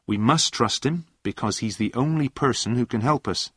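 A man voicing a steady young man who speaks firmly and in a measured way. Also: mid-range voice, breathy edge, dry recording, clean studio sound, pitched above the performer's own voice. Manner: firm, measured speech. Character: steady, firm young man, calm leader.

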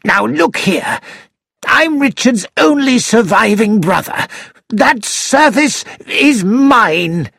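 A man's voice: high voice, very animated, takes it slowly, creaky, fairly bright tone, husky, no echo, voice pushed up, exaggerated voice. A man voicing a weak, self-pitying elderly man in a read-aloud story. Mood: indignant. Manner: feeble, whining, peevish.

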